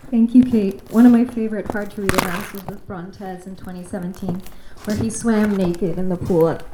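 A woman's voice: medium pitch, steady tone, moderate pace, background noise. A woman hosting a literary event, announcing between readings in a chatty, rambling way. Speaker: event host. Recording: echoey room.

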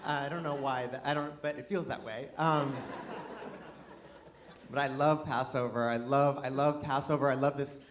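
A man's voice: medium pitch, fairly even intonation, normal speed, background noise. A man performing a live stand-up comedy set, chatty and self-deprecating, with playful asides to the audience.

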